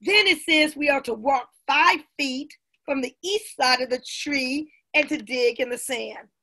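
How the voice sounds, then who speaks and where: A middle-aged woman storyteller reads a children's picture book aloud, lively, and calls out to the young listeners. Her voice sits high and bright. It has a gravelly edge.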